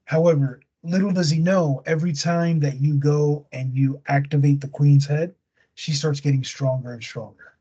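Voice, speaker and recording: Husky slangy man retelling a movie. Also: fairly high pitch, moderate pace, highs cut off. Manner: slangy, animated storyteller. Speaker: podcast host. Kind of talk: casual chat retelling a movie plot.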